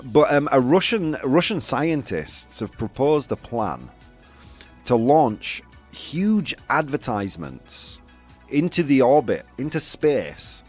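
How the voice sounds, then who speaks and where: A man with a Yorkshire accent hosts a loose, chatty show. His mid-pitched voice swings up and down with energy as he rambles through fillers and laughs. Faint music plays underneath. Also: sing-song, slow. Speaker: host. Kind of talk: casual live show chat.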